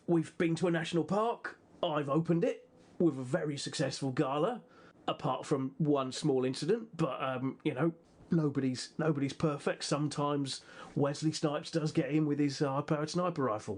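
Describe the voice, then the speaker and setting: A man narrating a comedic tabletop role-playing game as game master, playful and quick to put on voices and sound effects. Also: on the high side, a little mellow.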